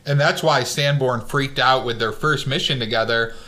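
A man's voice: mid-range voice, normal speed. A man casually recapping a war movie on a podcast, acting out the characters' lines as he goes. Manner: animated storyteller, acts out quotes.

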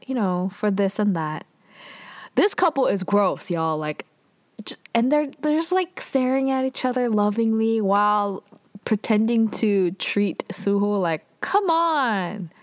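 A woman's voice: medium pitch, dry recording. Chatty woman recapping a drama. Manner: chatty, filler-heavy, exasperated asides. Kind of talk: casual episode recap.

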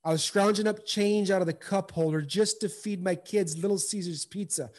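A middle-aged man with a notably high voice recounts his life in an interview. He speaks earnestly and passionately, circling back on phrases for emphasis. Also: moderate pace, a little mellow. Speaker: guest, former pro baseball player. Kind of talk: candid interview storytelling.

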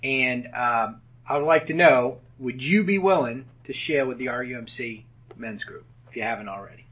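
A man's voice: medium pitch, moderate pace, dull audio. A man leading a men's group meeting in a room with tables, talking in a folksy, joking way with many fillers. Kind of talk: casual meeting address.

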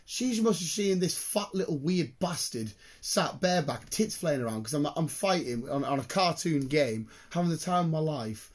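Excitable, swearing man with a husky voice. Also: on the high side. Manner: excitable, swearing, quick bursts of laughter. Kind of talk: casual chat.

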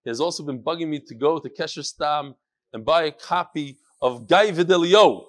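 A man's voice: a little high, moderate pace. A man hosting a casual chat show, reading listener emails aloud with joking asides.

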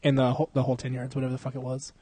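A man's voice: medium pitch, monotone, very fast, mellow, breathy edge, no echo. A young man hosting a podcast in casual chat, swearing and laughing often as he jokes around. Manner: crude, joking, laughs often, swears a lot. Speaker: podcast host.

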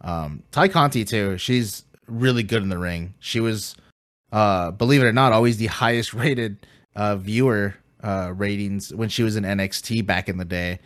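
A man with a somewhat low voice recaps matches on a podcast, filling pauses with plenty of uhs and ums. He laughs easily, and his voice comes across close and dry, with no room sound. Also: a bit bright, no echo. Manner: laughs easily, many fillers. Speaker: podcast co-host.

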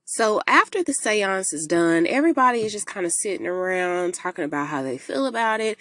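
A woman casually recapping a movie for her podcast listeners, telling it in an animated way and acting out the characters' lines. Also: medium pitch, brisk, no echo, clean studio sound. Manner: animated storytelling, talks to listeners as "y'all", acts out quotes in character voices. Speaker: podcast host recapping a film.

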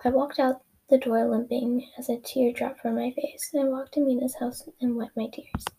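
A woman's voice: fairly high pitch, flat delivery, normal speed, dark tone, a little hiss or hum, rough recording. A young woman casually reading her own story aloud, often correcting herself and dropping into whispered asides. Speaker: reader of her own fan fiction.

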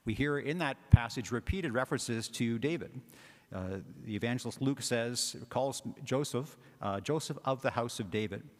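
A man's voice: mid-range voice, moderate pace, a little mellow. A man, a parish priest, giving a conversational homily with frequent filler words. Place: church. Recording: long church reverb.

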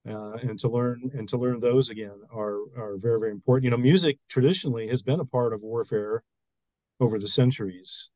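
A man's voice: mid-range voice, fairly quick, dark tone, no echo, rough recording. A man, a pastor and podcast co-host, explaining Bible stories in casual chat with frequent restarts.

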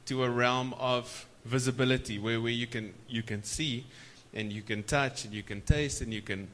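A man preaching a sermon at a church conference, stretching key words slowly for emphasis and prompting the audience to answer back. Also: mid-range voice, fairly even intonation, fairly bright tone, slight background noise.

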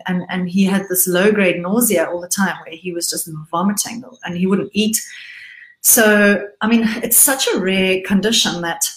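Candid woman in an echoey room. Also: on the low side. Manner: candid, halting, many restarts. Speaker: guest. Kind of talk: casual conversation.

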